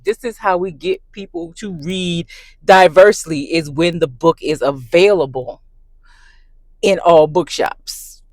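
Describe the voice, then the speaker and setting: Low-voiced woman ranting casually to camera, animated and emphatic, dry close sound. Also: no room sound. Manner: animated, conversational, emphatic storytelling. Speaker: book vlogger. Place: in her car.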